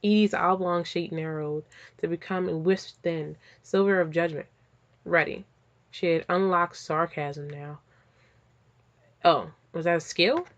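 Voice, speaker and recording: Woman reading fanfic aloud, profane comic asides, lowish voice, dull lo-fi audio. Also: fairly even intonation, unhurried. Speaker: fanfiction reader and reactor. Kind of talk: casual comic reading with commentary.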